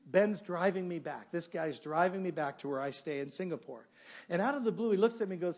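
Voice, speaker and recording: A man's voice: sits high, a little fast. A middle-aged male pastor preaching a sermon, telling a story and acting out the dialogue. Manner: animated storyteller, acts out dialogue.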